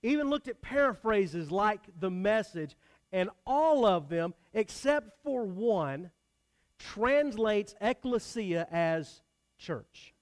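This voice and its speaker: A man's voice: sits high, expressive, takes it slowly. A man preaching a sermon, talking directly with his congregation in a conversational way. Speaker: pastor.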